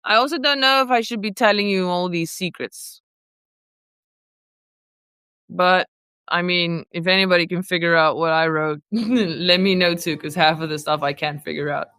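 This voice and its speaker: Chatty woman vlogger, playful and rambling, smooth clear voice, dry close sound. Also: fairly low pitch, moderate pace, long pauses, a bit bright, no room sound. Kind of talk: casual chat, reading viewer comments.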